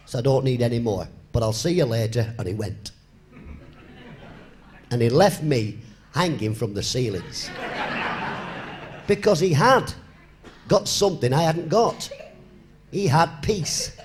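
Animated man telling a story. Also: medium pitch. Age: 50s. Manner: animated storyteller, acting out both sides of dialogues. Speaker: comedian giving a testimony on stage. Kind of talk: live stage storytelling. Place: live venue before an audience.

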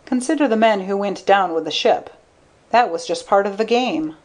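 A woman voicing a shrewd, thoughtful man who speaks in a calm, measured way. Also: medium pitch, lightly acted.

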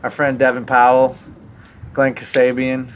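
A man hosting a casual podcast, a relaxed storyteller who acts out the quotes, recorded outdoors in a park. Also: mid-range voice, measured pace, a little hiss or hum. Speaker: podcast host.

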